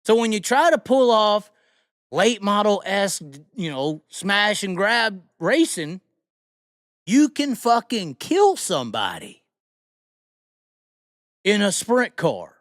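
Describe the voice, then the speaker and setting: A man hosting a live stream, talking racing in a profane, animated, laughing casual chat. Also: high voice, takes it slowly, long pauses, dry recording, clean studio sound. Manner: animated, swears constantly, laughs often. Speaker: podcast host.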